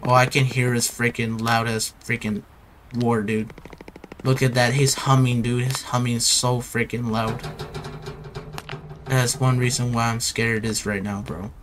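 A man's voice: medium pitch, little pitch movement, unhurried, fairly bright tone, slight background noise. A young man giving casual horror game commentary, nervous and jittery, repeating himself and tacking "bro" onto his lines. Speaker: gaming YouTuber.

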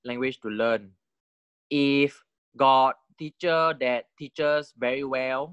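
A man teaching a language online, explaining slowly and mixing in words from other languages. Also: medium pitch, fairly even intonation, fairly bright tone, smooth, no room sound, dull audio. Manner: slow explaining, mixing in Thai and Chinese words.

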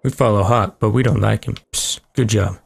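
Brash, profane young gaming host. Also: male voice, fairly low pitch, steady tone, normal speed, vocal fry, husky. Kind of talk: casual let's play commentary.

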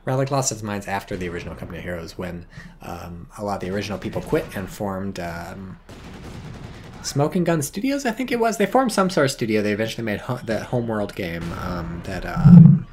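A male game streamer with a lowish voice gives loose, rambling commentary over a match. He is profane and sardonic, drifts between asides and reads viewers' chat messages aloud. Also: sing-song, a little fast, darkish tone, a little hiss or hum. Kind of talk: casual live-stream commentary.

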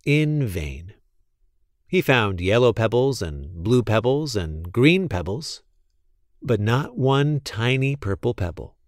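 A man reading a children's picture book aloud in an expressive storytelling manner. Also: medium pitch, slow pace, no echo, studio quality.

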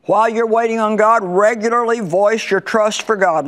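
A woman's voice: a little high, fairly quick, few pauses. Woman preacher, conversational sermon delivery, emphatic and repetitive. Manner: emphatic, conversational, repeats key lines. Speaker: Bible teacher.

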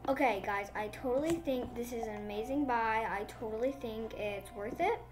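A woman giving excited, casual commentary on her game, gushing and babbling breathlessly into a phone mic. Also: a little high, moderate pace, music in the background. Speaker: gaming vlogger.

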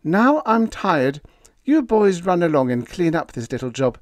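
A man voicing a brisk, imperious young wife in a high, raised voice with a bossy, clipped manner. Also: very animated, dry recording, studio quality.

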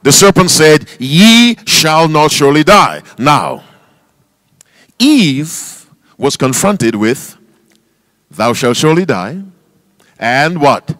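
Delivering a sermon, a male pastor emphatically reads King James scripture, spells out words for stress, and quizzes the congregation call-and-response style. His voice is a little high and fairly bright, very animated, slow, and full of pauses, with no echo.

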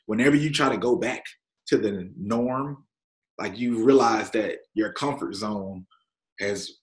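A man hosting a casual interview, talking in a relaxed, conversational way and laughing easily. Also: fairly low pitch, a little slow. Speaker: interviewer, podcast host.

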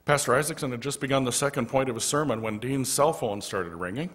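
A man preaching a storytelling sermon as pastor in a church, gently narrating with quiet asides. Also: medium pitch, fast talker. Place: church sanctuary.

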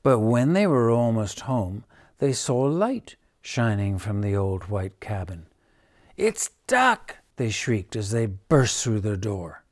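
Slow, gentle man reading a picture book. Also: lowish voice, animated. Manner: gentle, unhurried, dramatic. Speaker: storyteller.

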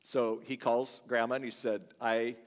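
A man's voice: mid-range voice, expressive, moderate pace, a bit bright, in a large hall. An older man, a guest pastor, preaching a sermon full of chatty, humorous family stories in a church. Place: church sanctuary.

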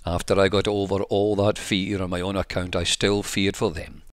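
A fearful, tearful wife confesses her wavering faith, as a man reads her lines. The voice stays low and close, with no room sound around it. Her words come out earnest and subdued. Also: little pitch movement, moderate pace, no echo, lightly acted. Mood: anxious.

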